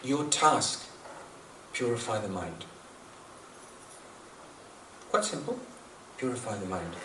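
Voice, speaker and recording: In a reflective spiritual talk, a man from New Zealand with a medium-pitched voice speaks earnestly, repeats himself, and chuckles at his own jokes. A little hiss or hum comes through, and the room is echoey with the speaker distant from the mic.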